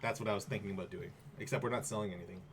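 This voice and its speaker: A man's voice: fairly low pitch, fairly even intonation, rapid-fire, a little hiss or hum. A man co-hosting a casual gaming news show, joking, laughing and repeating words for fun. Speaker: co-host.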